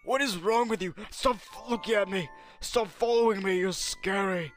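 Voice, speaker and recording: A man's voice: high voice, normal speed, faint music behind, close to an everyday voice. A man voicing an arrogant, hot-tempered alien prince warrior while playing a video game, brash and insulting, yelping in panic. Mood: brash, panicky. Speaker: game player. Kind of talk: comedic let's-play voice parody.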